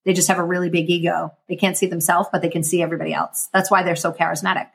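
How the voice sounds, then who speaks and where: A woman talking as a guest in a casual interview, energetic and motivational as she explains her coaching. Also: lowish voice, creaky, breathy edge. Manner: energetic, motivational, quick bursts. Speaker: guest, emotional intelligence coach.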